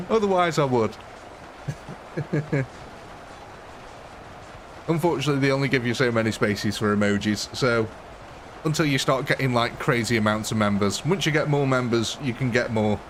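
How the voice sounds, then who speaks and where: A young English man hosting a live game stream, excitable and chatty, laughing often and calling his viewers ladies and gentlemen. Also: mid-range voice, moderate pace, long pauses, slight background noise. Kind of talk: casual live gaming commentary.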